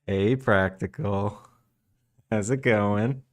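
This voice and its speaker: A young man chatting casually with viewers on a live stream, drowsy and relaxed in his early-morning voice. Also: sits low, normal speed, vocal fry. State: just woken up, morning voice. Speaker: game developer streamer.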